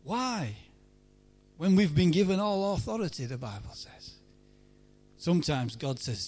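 A man preaching a sermon at a church meeting, emphatic, swinging between loud pleading and hushed lines. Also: on the high side, expressive, measured pace.

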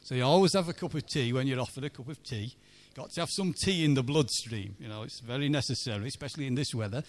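A man's voice: mid-range voice, quick pace. A church minister telling a chatty story in a sermon and asking his listeners for agreement. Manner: chatty, anecdotal, asks the congregation for agreement.

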